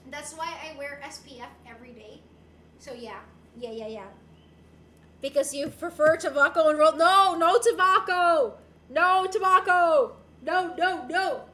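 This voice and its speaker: Young woman streamer, playful and giggly, very high and bright, roomy echo. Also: moderate pace, a little hiss or hum. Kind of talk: casual livestream chat, reading viewer messages.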